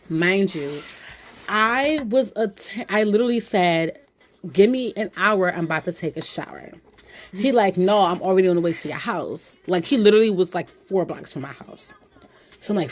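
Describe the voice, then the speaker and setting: A woman, a podcast host telling a candid, profane story in casual chat, often laughing. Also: on the low side. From Philadelphia.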